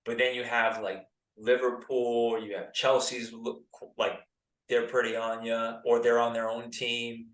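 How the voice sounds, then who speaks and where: An American man in his thirties, a former pro soccer player telling stories as a podcast guest in a relaxed, chatty way full of filler words. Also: mid-range voice, unhurried, far from the mic. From United States. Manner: laid-back, lots of "like" and "dude". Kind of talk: casual podcast storytelling. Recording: roomy, set back from the mic.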